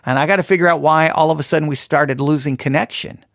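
A man's voice: fairly high pitch, steady tone, fast, creaky, a bit bright, dry recording. Rambling man on a dry close mic. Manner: rambling, self-deprecating, with many restarts. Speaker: podcast host. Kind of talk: casual Christian podcast talk.

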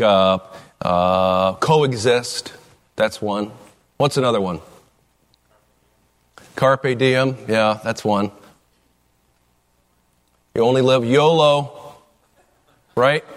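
Man preaching in a reverberant sanctuary. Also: mid-range voice. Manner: conversational, asks congregation questions, reads scripture slowly. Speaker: pastor. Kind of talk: sermon. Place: church sanctuary. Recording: long reverb of a large room.

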